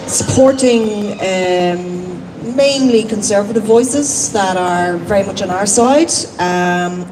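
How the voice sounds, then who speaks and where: A woman from Ireland with an Irish accent, giving an earnest public speech outdoors, pausing often with ums. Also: medium pitch. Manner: earnest, halting with many ums. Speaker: rally speaker. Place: outdoor public speaking event. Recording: distant mic with loud street noise.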